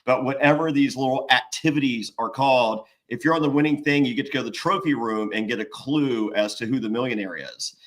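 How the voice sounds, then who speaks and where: A man's voice: medium pitch, brisk, hardly any pauses. A man hosting a casual reality-show recap, joking and acting out quotes from the episode. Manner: jokey, recaps scenes in mimicked quotes. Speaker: podcast host.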